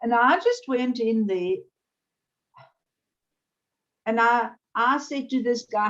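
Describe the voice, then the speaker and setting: A woman telling a deliberate anecdote in a casual online chat. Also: a little high, fairly bright tone. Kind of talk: casual storytelling. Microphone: video call. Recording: dull lo-fi sound.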